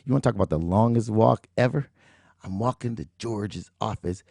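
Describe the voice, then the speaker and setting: Animated storytelling man, gravelly voice. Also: fairly low pitch, moderate pace, no room sound, studio quality. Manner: animated, emphatic, acts out dialogue. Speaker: show host, motivational speaker. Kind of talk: motivational storytelling.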